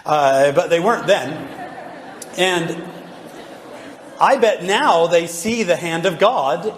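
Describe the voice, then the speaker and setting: A man's voice: fairly high pitch, expressive, takes it slowly, some chatter behind. A man giving a humorous devotional talk, joking and quizzing his audience with questions. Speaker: religious speaker. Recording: echoey hall with faint background noise.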